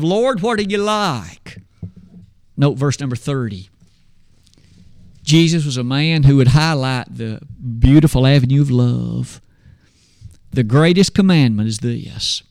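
A man's voice: medium pitch, darkish tone, clean tone, dry recording, clean studio sound. A man preaching a sermon, posing rhetorical questions and swinging his voice up and down when he quotes scripture.

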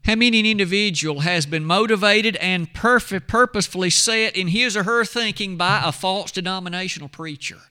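A man preaching a sermon, reading scripture aloud and slowing down, lowering his voice for quoted lines. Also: bright, forceful tone, smooth. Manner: expository preaching, reads scripture aloud in measured tones.

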